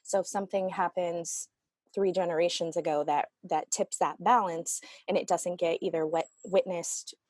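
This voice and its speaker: A woman's voice: fairly low pitch, steady tone, moderate pace, darkish tone, no echo. A woman working as a family constellation therapist, talking earnestly and animatedly in an interview, with frequent restarts. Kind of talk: conversational interview.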